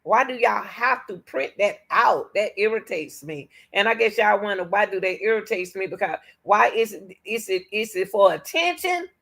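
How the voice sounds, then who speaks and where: A woman hosting a reaction commentary vlog who talks straight to her viewers, repeats herself when worked up and drops from emphatic bursts to low muttering. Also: moderate pace, gravelly, hardly any pauses, poor audio. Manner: animated and exasperated, addresses viewers as y'all, restarts and repeats herself. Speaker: reaction channel host.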